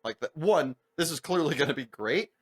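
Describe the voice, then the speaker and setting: A young man with a voice pitched a little high chats into a podcast mic. He tells his stories in a lively, profane way, packed with filler words, and acts out other people's lines in funny voices. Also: brisk, husky. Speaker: podcast co-host. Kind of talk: casual storytelling chat.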